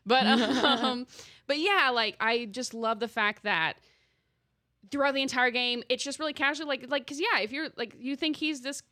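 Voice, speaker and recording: Young woman podcast co-host, bright and dry, gushing casual chatter. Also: high voice, normal speed, no echo. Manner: enthusiastic, gushing, lots of fillers. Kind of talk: casual chat.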